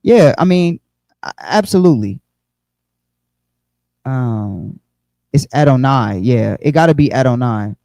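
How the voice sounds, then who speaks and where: A man's voice: mid-range voice, expressive, a little slow, creaky, long pauses, dark tone, dry recording, low-quality recording. A man teaching an online Bible study, explaining with frequent restarts and repeated words.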